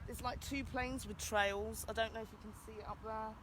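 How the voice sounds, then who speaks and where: A briskly speaking British woman with a steady, somewhat high voice rants urgently in an outdoor vlog. She urges on and calls out to people passing, with background noise audible.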